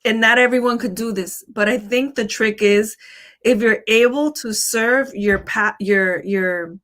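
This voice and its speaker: A middle-aged woman co-hosting a casual motivational talk show, chatty and playful, halting with fillers. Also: a little high, fairly bright tone. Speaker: show co-host.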